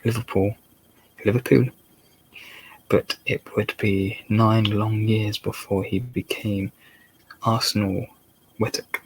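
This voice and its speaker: A man with a Dorset accent doing a slow ASMR book reading, halting and rereading words as he goes. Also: on the low side, level tone, low-quality recording. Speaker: channel host reading a book aloud.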